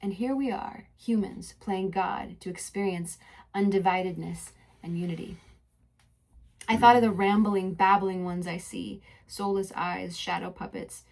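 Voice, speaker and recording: A young adult woman hosting a podcast, telling a personal story in a soft, introspective voice that moves between spoken narration and casual chat. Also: mid-range voice, fairly even intonation, a little slow, gravelly. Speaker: podcast host.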